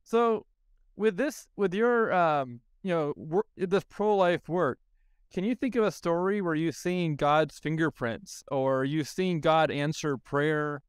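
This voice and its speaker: A man's voice: fairly high pitch, takes it slowly, clear, resonant tone, no room sound, clean studio sound. A man hosting a podcast, asking long, searching questions of his guest. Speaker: podcast host. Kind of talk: interview questions.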